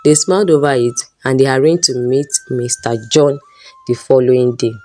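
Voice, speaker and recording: With a very deep voice at a moderate pace, a woman reads a folk story aloud in a plain manner, giving the characters their own voices in storybook narration. Soft music plays in the background.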